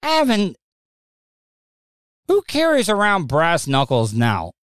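A man's voice: high-pitched, huge pitch swings, slow pace, fairly bright tone, clean tone, dry recording, studio quality. A man reacting to a news clip in casual commentary, blunt and mocking. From Southern United States.

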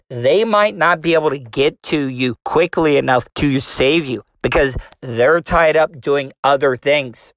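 A man hosting a casual solo podcast, talking in a loose, rambling way with jokes and swearing. His voice sits a touch high for a man and has the nerdy sound he describes himself. The sound is dry and close, with no room echo. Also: fairly bright tone. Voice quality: nerdy voice, as he calls it. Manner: rambling, joking, profane. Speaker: podcast host.

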